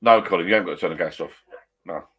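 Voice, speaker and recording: A middle-aged man rambles through a casual live stream from his garden bar shed. His voice sits fairly low. He talks in a chatty, blokey way, restarts his sentences, and reads out viewer comments as he goes. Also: very fast, fairly bright tone, husky.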